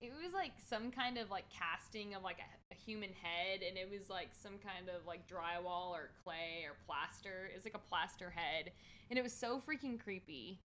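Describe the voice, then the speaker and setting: A young woman in her twenties talks casually, telling stories with lots of "like". Her voice is bright and clear, at an ordinary pitch. She keeps a relaxed, chatty flow. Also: normal speed, slight background noise. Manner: chatty storytelling, heavy use of "like". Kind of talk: casual chat.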